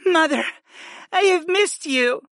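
A man's voice: lively intonation, slow pace, bright, forceful tone, dry recording, full character voice. A man doing a tearful young warrior princess. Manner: high, emotional, pleading.

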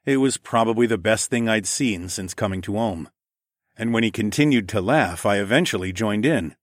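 An audiobook narrator with a fairly low male voice reads a scripted first-person story at a steady, measured pace. The sound is dry and close, with no room sound or echo.

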